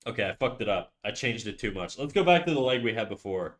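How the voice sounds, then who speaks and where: A man's voice: lowish voice, lively intonation, fast. A man chatting casually with his viewers during a drawing livestream, rambling and often dropping to a mutter as he works. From Canada. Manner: rambling, chats with viewers, drops to quiet muttering while working. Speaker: streamer.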